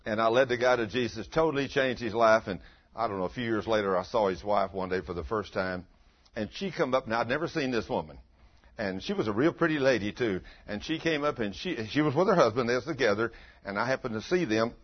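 Older preacher guy telling stories, husky voice, kinda dull lo-fi recording. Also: medium pitch, fast. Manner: homespun, animated, breaks into loud acted quotes. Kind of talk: folksy sermon with storytelling. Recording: dull lo-fi sound.

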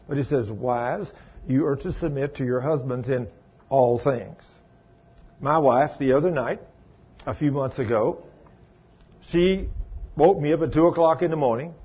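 A man's voice: on the high side, breathy edge. A man preaching a sermon, emphatic, rising and dropping his voice for stress as he tells a story. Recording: dull lo-fi recording.

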